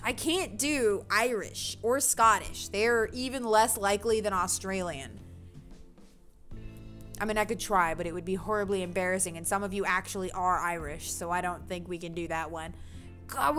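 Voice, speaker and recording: A woman's voice: mid-range voice, a bit bright. A woman giving chatty, giggly let's play commentary and reading game text aloud. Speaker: game streamer.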